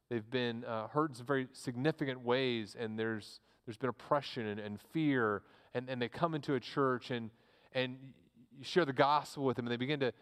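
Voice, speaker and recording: A man's voice: medium pitch, fairly bright tone, in a large hall. A man, a pastor preaching a sermon in a church, earnest and repeating words as he restarts his phrases.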